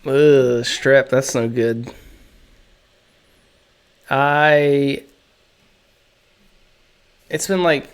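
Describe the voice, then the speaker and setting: A man streaming live as he draws, chatting casually in slow, musing, self-critical asides, his throat feeling a little off. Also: mid-range voice, steady tone, smooth. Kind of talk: casual live-stream chat while drawing.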